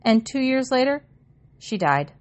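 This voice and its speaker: Knowing, gentle dream mother urging her son on, read by a woman. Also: high-pitched, very animated, a little slow, pitched above the performer's own voice. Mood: urgent, tender.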